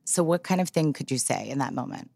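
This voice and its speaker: Low-voiced woman hosting an interview, dry close mic, brief affirmations. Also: lively intonation, quick pace, creaky, mellow, no echo. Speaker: podcast host. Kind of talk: podcast interview.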